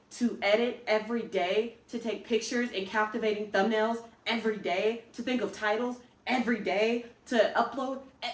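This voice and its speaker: A young woman fitness vlogger talking casually to her viewers, chatty and emphatic, rambling as she encourages herself. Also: a little high. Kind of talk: casual vlog talk to camera. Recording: roomy, picked up from a distance.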